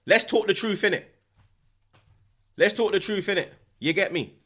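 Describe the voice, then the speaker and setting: A man, a football streamer talking in a loud, swaggering rant full of repeated slang tags. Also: high-pitched, normal speed. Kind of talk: casual boastful rant.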